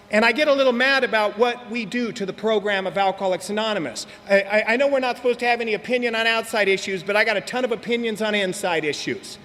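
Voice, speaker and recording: A man's voice: very high voice, a bit bright, in a large hall. A middle-aged man from Southern California, speaking at a recovery meeting in a candid, joking, storytelling way. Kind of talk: personal talk at a meeting. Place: meeting hall.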